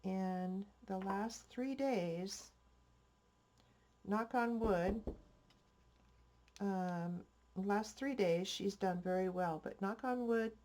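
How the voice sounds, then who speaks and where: A woman's voice: medium pitch, drawn-out words, long pauses, darkish tone. An older woman hosting a crafting vlog, chatting in a rambling, homespun way, a bit stuffy-nosed. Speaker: crafting channel host. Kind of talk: casual crafting vlog chat.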